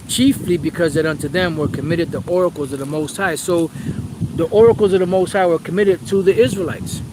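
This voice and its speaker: A man's voice: high voice, background noise. A man teaching from the Bible in a preaching style, reading verses aloud and then explaining them with rhetorical questions and repeated phrases.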